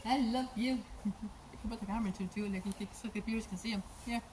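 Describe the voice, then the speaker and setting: A woman at outdoor stud-farm stables, filming on a phone and chatting in a high sing-song coaxing voice, repeating herself to a horse and her viewers. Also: fairly even intonation, racing, darkish tone, a little hiss or hum, low-quality recording. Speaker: horse enthusiast filming a stallion visit. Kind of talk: casual vlog talk to a horse and viewers.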